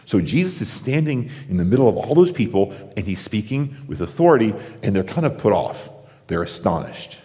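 Man, very low voice, conversational sermon, long echo from a big church hall. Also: very animated, brisk, dark tone. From United States. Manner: conversational, acts out crowd reactions. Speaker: pastor. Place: large theater-style church auditorium.

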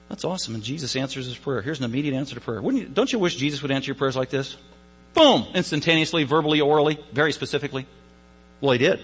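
A man's voice: medium pitch, lively intonation, quick pace, slightly rough. Emphatic preacher man in an echoey hall. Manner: emphatic, repeats phrases for stress. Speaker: pastor. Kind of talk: Easter sermon.

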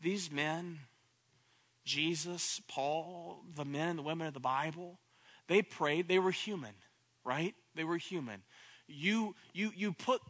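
A man's voice: high voice, bright, forceful tone. A man preaching a sermon, repeating phrases and building to impassioned cries. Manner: repetitive, rising to impassioned cries at peaks.

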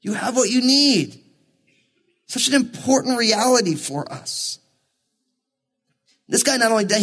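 A male pastor preaching a sermon, reading scripture and acting out the quoted lines with animation. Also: high voice.

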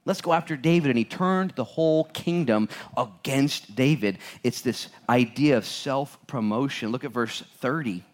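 Man, pastor, lively sermon, talks straight to the congregation, acts out voices. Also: mid-range voice, measured pace, few pauses. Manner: animated, conversational preaching with acted-out voices; addresses congregation directly with questions.

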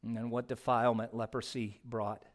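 A man preaching a sermon as pastor, moving between hushed and raised passages. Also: medium pitch, flat delivery, moderate pace.

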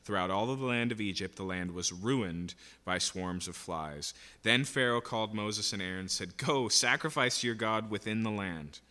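A man's voice: lowish voice, normal speed, few pauses, sharp tone. A man teaching a Bible passage verse by verse in a conversational way, often checking in with "okay?" and "right?". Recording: long hall reverb.

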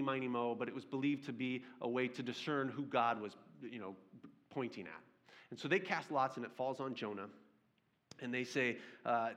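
A male pastor with a medium-pitched voice reads scripture aloud during a sermon. He then retells it as lively storytelling, asking his listeners questions along the way.

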